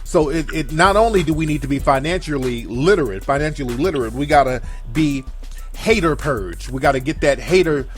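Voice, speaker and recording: A man's voice: on the high side, expressive, fairly quick, soft background music. A man hosting a live call-in show, ranting bluntly and with plenty of profanity. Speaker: show host taking calls and chat. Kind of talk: casual live commentary.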